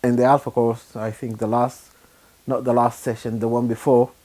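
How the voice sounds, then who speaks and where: A middle-aged man from Sudan, giving a personal testimony in a halting, unhurried way with frequent pauses and fillers. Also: medium pitch, little pitch movement, warm tone. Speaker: churchgoer giving his testimony.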